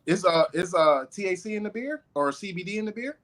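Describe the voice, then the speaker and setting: Fast-talking, teasing podcast co-host man. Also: sits high, lively intonation, fairly bright tone. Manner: teasing, quick questions. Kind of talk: casual chat.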